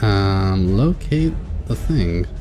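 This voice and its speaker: A man's voice: sits low, expressive, drawn-out words, music in the background. A man casually commentating his own game playthrough, thinking aloud and laughing often. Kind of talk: casual let's-play commentary.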